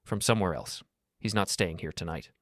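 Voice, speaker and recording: A man's voice: low-pitched, brisk, a bit bright, no echo, clean studio sound. A man voicing a furious, betrayed middle-aged father who makes cold, cutting accusations.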